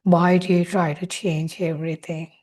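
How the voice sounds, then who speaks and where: A woman's voice: lowish voice, level tone, normal speed, darkish tone, close to an everyday voice. A woman speaking as her listener's hurt, neglected inner child, asking one reproachful question after another. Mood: pleading.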